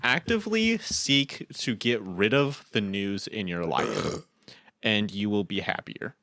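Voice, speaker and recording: Young male podcast co-host, animated and rambling, gravelly bright tone, dry close sound. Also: lowish voice, slow, no room sound. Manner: animated, rambling, laughs often. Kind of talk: casual chat.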